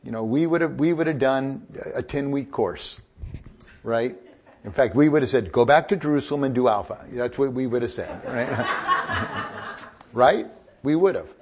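A middle-aged man preaches with a husky, slightly breathy voice. He swings from quiet asides into loud, emphatic bursts and keeps the room laughing along with him. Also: mid-range voice, measured pace, long pauses. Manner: animated, joking preacher with rising emphatic bursts. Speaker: pastor. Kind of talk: sermon.

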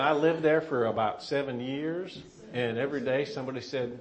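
An animated male preacher telling stories. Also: medium pitch, normal speed, a crowd in the background. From Southern California. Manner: animated storytelling with self-deprecating humor. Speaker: pastor. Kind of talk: sermon.

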